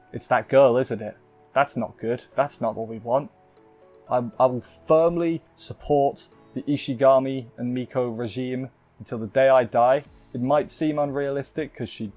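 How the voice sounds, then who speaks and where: A man's voice: mid-range voice, darkish tone, lo-fi sound. A man casually recapping an anime episode as a reviewer, rambling with lots of fillers and self-corrections.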